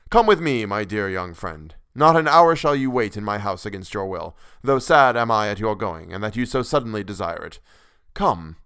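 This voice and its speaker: A man reading the part of a courtly, menacing old vampire count in a smooth, stately, falsely gracious way. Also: on the low side, expressive, normal speed, a bit bright, no room sound, clean studio sound.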